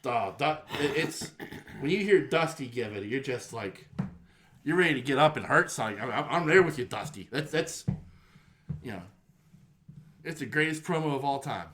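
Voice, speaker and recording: Brief: male podcast host, animated up-and-down pitch, talks in excited rushes and restarts. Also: slight background noise. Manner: excited rambling with quick restarts. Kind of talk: casual chat.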